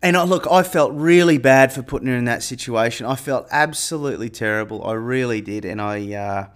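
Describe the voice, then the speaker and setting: A man telling a personal story in a casual monologue, animated and getting louder when he re-enacts a tense moment. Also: medium pitch, brisk. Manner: animated retelling, rising loud when quoting panic. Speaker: airline pilot and marketer.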